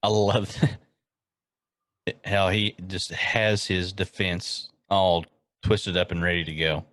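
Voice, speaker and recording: A man co-hosting a podcast in casual chat, mostly giving short relaxed replies. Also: sits low, slow pace, no room sound. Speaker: podcast co-host.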